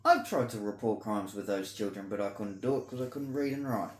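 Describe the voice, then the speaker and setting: A man with an Australian accent in a blunt, sweary rant to camera, swinging between loud outbursts and low mutters. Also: animated, a little fast, echoey room. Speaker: vlogger. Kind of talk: ranting monologue to camera.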